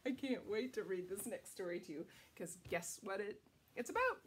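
A woman's voice: mid-range voice, lively intonation, normal speed, slight background noise. A woman reading a picture book aloud to children, playful and exclamatory in a sing-song manner. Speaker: children's storyteller. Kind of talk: storytime read-aloud for kids.

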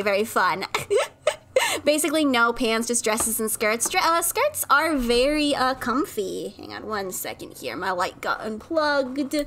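A playful woman with a high, bright voice chats with her viewers while she games on a live stream. She giggles often, and her pitch bounces all over. She is recorded on a desk mic in a room at home. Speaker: game streamer. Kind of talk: casual live-stream chat while gaming. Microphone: desk mic at a home streaming setup.

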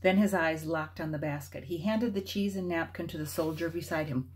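Lady reading a kids book out loud, lowish voice, really expressive. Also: a little fast. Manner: expressive, varied story reading. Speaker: storybook reader. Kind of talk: reading a children's novel aloud.

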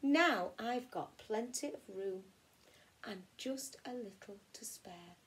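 Lady reading as a kindly fussy storybook man, slow, bright-voiced. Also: fairly high pitch, lively intonation, slight background noise. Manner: kindly, fussing, exclamatory. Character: kindly man who shares his bed.

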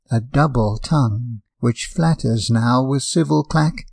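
A man reading rhyming fables as an audiobook narrator, in a measured, rhythmic verse delivery. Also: a little high, creaky, dark tone, no room sound, studio quality.

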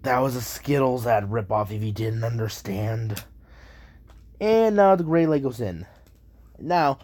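A man rambling to his viewers while he works through a language lesson, haltingly repeating words and correcting himself. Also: medium pitch, expressive, a little mellow, husky. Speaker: vlogger. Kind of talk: rambling commentary while doing a language app.

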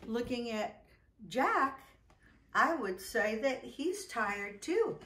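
A woman reading a children's picture book aloud in an animated, sing-song storytelling voice, with voiced exclamations and howls. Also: on the high side, drawn-out words, reverberant.

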